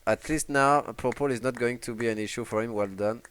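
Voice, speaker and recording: A man's voice: medium pitch, little pitch movement, fast talker. A man with a French accent casting a strategy game casually, talking hesitantly with many fillers and restarts. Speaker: esports caster.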